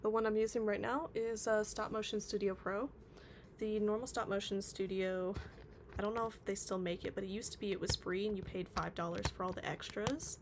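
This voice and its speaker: On a casual livestream, a woman talks fairly quickly in a mid-range voice with fairly even intonation. She's chatty, reads out viewer comments and uses lots of filler words, and slight background noise can be heard.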